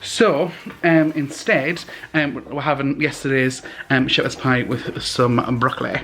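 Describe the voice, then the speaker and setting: A man's voice: medium pitch, fairly even intonation, measured pace, a bit bright, reverberant, a little hiss or hum. A young British man chatting casually to camera at home for his vlog, rambling with plenty of ums. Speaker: vlogger. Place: at home, indoors.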